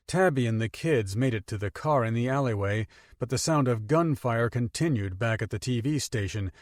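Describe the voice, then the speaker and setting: A man narrating an audiobook in steady, expressive storytelling. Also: medium pitch, no room sound, studio quality. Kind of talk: scripted narration.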